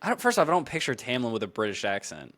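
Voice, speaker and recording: A young man co-hosting a casual chat podcast, talking in animated, rambling bursts and acting out quoted voices. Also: medium pitch, racing. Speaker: podcast co-host.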